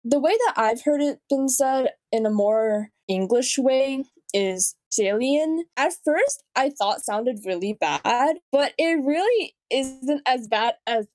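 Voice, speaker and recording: A young woman with a somewhat high voice hosts a comedic reaction video in a playful, sarcastic way. She keeps stopping to correct pronunciations. Her voice sounds dry and close, with no room around it. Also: animated, unhurried, few pauses, no echo. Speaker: reaction channel host.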